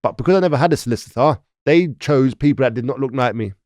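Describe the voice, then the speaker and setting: A man with a London accent tells his story in an interview, voicing the people around him as he goes. The recording is close and dry, with no room sound. His pitch sits in the middle range. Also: fast talker, no room sound. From London, England. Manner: animated, acts out other people's lines. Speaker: interview guest.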